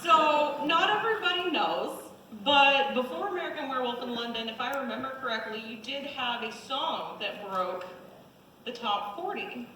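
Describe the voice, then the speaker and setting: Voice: high-pitched, lively intonation, moderate pace, sharp tone, a little hiss or hum. A moderator teasing a guest and steering an on-stage Q&A. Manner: playful and teasing. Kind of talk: casual on-stage interviewing. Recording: echoey hall, distant mic.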